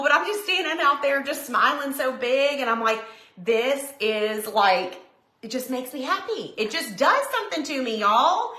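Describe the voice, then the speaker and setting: A woman's voice: on the high side, sharp tone. Gushing woman in a roomy room. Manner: chatty and gushing, reads viewer comments aloud. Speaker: craft live-stream host. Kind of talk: casual live-stream chat while painting.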